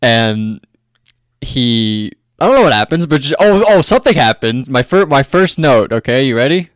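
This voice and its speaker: A man co-hosting a film podcast, talking casually and haltingly, often repeating words. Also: medium pitch, sing-song, no room sound. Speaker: podcast co-host. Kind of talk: casual chat.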